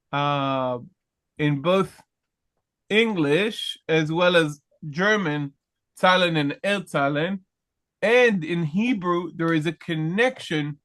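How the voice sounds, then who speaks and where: A man's voice: sits high, a bit bright. A man teaching a Hebrew grammar class to students, explaining patiently, checking in with "okay?" and asking the class questions. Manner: slow deliberate pace with many pauses and restarts.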